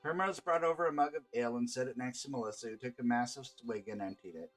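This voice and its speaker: A man's voice: medium pitch, fast. Male GM reading his visual novel aloud, casual asides, faint music under. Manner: stops to chat and laugh between narration. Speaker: game master and visual novel creator.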